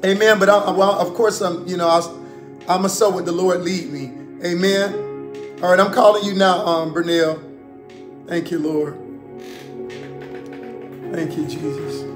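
A man's voice: high-pitched, fairly even intonation, moderate pace, roomy sound, over music. A man preaching on a livestream as pastor, fervent and repetitive, full of amens and hallelujahs. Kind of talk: livestreamed preaching and offering appeal.

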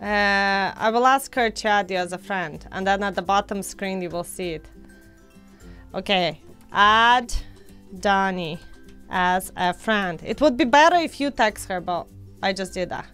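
A woman with a scratchy throat, hosting a casual let's-play chat with excitable squeals. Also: mid-range voice, measured pace, smooth, faint music behind. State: scratchy throat, coming down with a cold. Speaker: gaming channel host.

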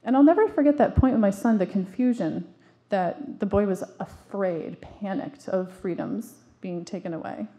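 Mellow-voiced woman giving an earnest talk. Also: medium pitch, normal speed, few pauses. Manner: earnest, emphatic storytelling with frequent restarts. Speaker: parenting speaker. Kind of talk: public talk to an audience.

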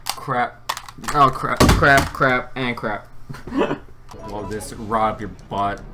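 A man giving let's play commentary, excitable, yelping and shouting at the game with mild swearing. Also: mid-range voice, takes it slowly, background noise. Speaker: gamer. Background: faint music.

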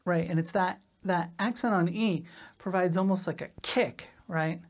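A woman drum teacher explaining rudiments in a relaxed, casual way, often checking in with "right?". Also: fairly low pitch, unhurried, slight background noise. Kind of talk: casual instructional talk.

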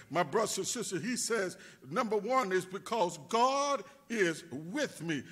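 A high-pitched, husky man preaches a sermon with a rhythmic cadence. His voice swings widely in pitch and rises to shouts at the peaks. The tone is bright and forceful. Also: animated, moderate pace, few pauses. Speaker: pastor.

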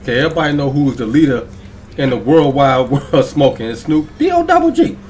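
A man's voice: medium pitch, a little fast, darkish tone, a little hiss or hum. A man hosting a reaction video, talking casually and often checking in with viewers. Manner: chatty, keeps checking in with viewers. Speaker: YouTube reaction host.

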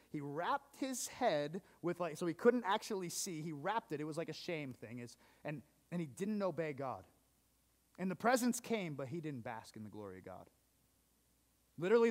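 A man preaching a sermon in a casual, conversational, enthusiastic manner, dropping his voice low for emphasis.

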